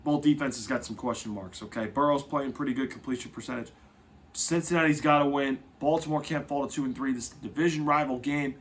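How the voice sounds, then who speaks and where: A man's voice: medium pitch, a little fast. A man hosting a football podcast, talking casually and correcting himself as he goes. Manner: lively, swings loud and soft, self-correcting. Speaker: podcast host. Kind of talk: casual sports podcast talk.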